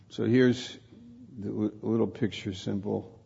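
A man preaches slowly in an informal sermon, his voice gravelly and husky. He pauses and restarts his words as he thinks aloud. The recording sounds dull and lo-fi. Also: mid-range voice, steady tone, a little mellow. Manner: halting, repeats and restarts words while reflecting.

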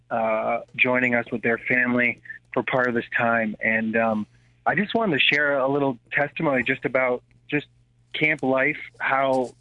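A man's voice: medium pitch, pushed and bright, no echo. A male pastor calling in to a radio show to share a testimony, friendly and chatty. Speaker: caller, missionary pastor. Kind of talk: phone call-in. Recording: dull phone line.

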